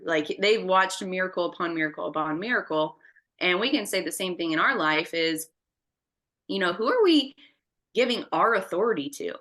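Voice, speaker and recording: A woman's voice: fairly low pitch, bright, forceful tone. A woman co-hosting a faith podcast, telling a story animatedly and acting out the voices in her retelling. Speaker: podcast co-host.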